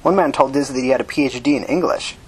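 A man reading short fiction aloud as narrator, plain and steady. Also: mid-range voice, quick pace, slightly rough.

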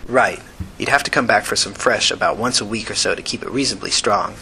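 A man reading a story, voicing a calm, shrewd young woman who sells poison, in a smooth, rich voice. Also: fairly low pitch, slight background noise, poor audio. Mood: wry. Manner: unhurried, wry.

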